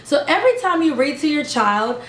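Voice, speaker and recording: A young woman, a preschool teacher, giving an upbeat lesson to parents in a slow, carefully over-enunciated way. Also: sits high, sing-song, fairly bright tone, roomy sound. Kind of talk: instructional talk to camera.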